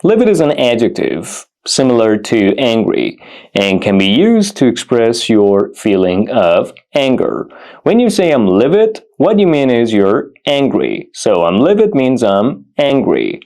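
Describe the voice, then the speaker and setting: A man teaching an English vocabulary lesson, repeating each example phrase slowly and deliberately. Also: medium pitch, huge pitch swings, a little mellow.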